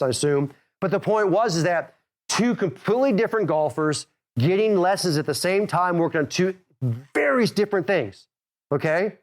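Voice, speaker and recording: A middle-aged man who hosts a golf podcast. He coaches his listeners in an energetic, direct way and keeps calling out "okay?" and "guys". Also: high voice. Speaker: golf instructor and podcast host.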